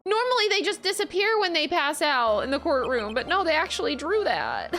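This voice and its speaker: An excitable young woman streamer reacts dramatically and swears freely. Her pitch swings lively and a bit high. Game music plays behind her. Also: normal speed. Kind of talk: casual game commentary.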